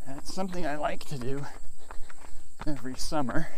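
A man chatting casually outdoors in the countryside, joking in short, halting phrases as a runner talking to his viewers. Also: on the high side, background noise. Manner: playful, jokey, talks in short halting phrases. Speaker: runner vlogger. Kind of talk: casual chat. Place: outdoors in rural South Central Pennsylvania. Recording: insects chirping loudly behind.

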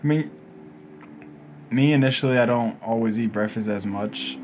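A young man in casual chat who laughs often and mimics people in high voices. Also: normal speed, darkish tone, a little hiss or hum.

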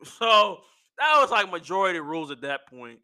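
A young man excitedly recapping wrestling in a casual, slangy, animated way. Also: high voice, normal speed, smooth.

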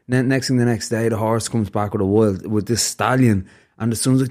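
A man's voice: on the low side, fairly even intonation, a little fast, a little mellow. A man hosting a casual podcast, reflective and fond of telling stories. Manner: storytelling, upbeat and reflective. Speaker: podcast host.

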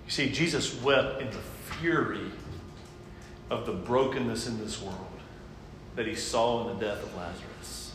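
A man preaching a sermon, reading scripture aloud and then explaining it with earnest emphasis that drops to quiet intensity. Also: lowish voice, measured pace. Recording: echoey hall, faint background noise.

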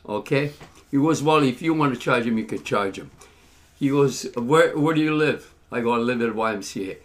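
Animated man telling a story. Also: mid-range voice, fairly quick. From Canada. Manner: animated, acts out quoted dialogue. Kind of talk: casual conversational storytelling.

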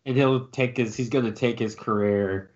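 A man co-hosting a casual chat, relaxed, with many likes. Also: medium pitch, moderate pace, highs cut off. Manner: relaxed, heavy use of "like". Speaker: podcast co-host.

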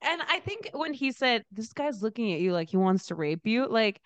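A woman's voice: a little high, very animated, normal speed, no echo. Laughing, candid young woman. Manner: candid, laughs often, acts out quotes. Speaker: podcast co-host. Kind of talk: casual chat.

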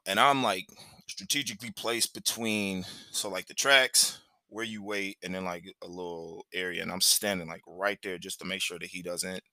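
A man's voice: fairly low pitch, gravelly, pushed and bright, no echo. A man hosting a podcast, telling a personal story in a loose, conversational way, filled with "like" and "you know.". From Cleveland, Ohio, USA. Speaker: podcast host.

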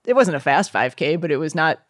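A man's voice: a little high, big pitch swings, a little fast, no room sound. Chatty man telling a story, dry sound. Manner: chatty storyteller, acts out quoted voices. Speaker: podcast guest, marathon runner. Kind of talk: casual chat.

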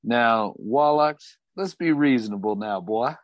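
A man's voice: mid-range voice, expressive, no room sound, lo-fi sound, natural voice. A man doing a drawling, smug gambler. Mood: indignant. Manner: slow folksy drawl, patronizing.

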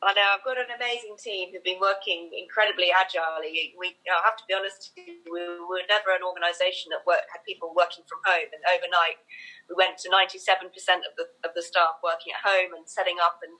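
Bright-voiced woman, eager interview guest. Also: fairly low pitch, fairly even intonation, fast, low-quality recording. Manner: enthusiastic, lists plans with many fillers. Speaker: racecourse marketing executive.

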